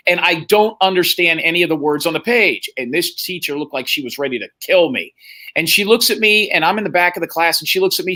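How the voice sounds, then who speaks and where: High-pitched, bright, and forceful, this middle-aged podcast host spins a lengthy, profanity-laced story in casual conversation. He voices the other characters' lines himself.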